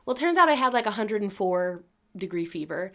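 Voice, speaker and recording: A woman's voice: mid-range voice, big pitch swings, a little fast, fairly bright tone. A young woman co-hosting a podcast, chatting casually, giggling often and swearing offhandedly. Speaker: podcast co-host. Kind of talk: casual chat.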